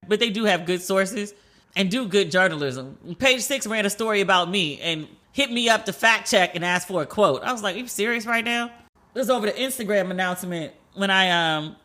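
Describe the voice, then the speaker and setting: Chatty animated woman podcast host. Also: mid-range voice, fairly quick. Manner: chatty, animated, swears, acts out quoted dialogue. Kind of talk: solo podcast storytelling.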